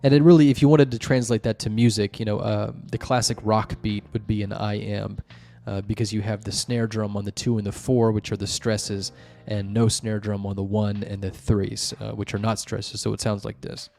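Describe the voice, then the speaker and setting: A man with a lowish voice talks through article reviews off the cuff. He rambles, stacks up fillers and restarts his sentences as he explains things at length. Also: level tone, normal speed, gravelly, hardly any pauses, mellow, faint music behind. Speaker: host reviewing wiki articles. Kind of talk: casual solo commentary.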